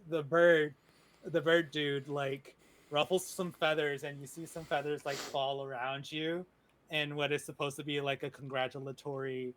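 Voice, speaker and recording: A man's voice: fairly high pitch, flat delivery, normal speed, fairly bright tone, low-quality recording. A man narrating a tabletop game as dungeon master in a chatty, loose way over a video call. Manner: chatty, loose, many "like" fillers.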